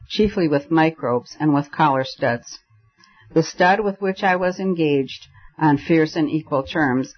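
Man narrating an old story, lo-fi. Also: on the high side. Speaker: audiobook narrator. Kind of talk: scripted narration.

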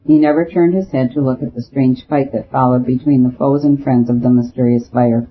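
A man reading an audiobook as narrator, with a steady, even storytelling delivery. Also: mid-range voice, fairly quick, husky. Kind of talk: scripted narration. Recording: tinny phone-like audio.

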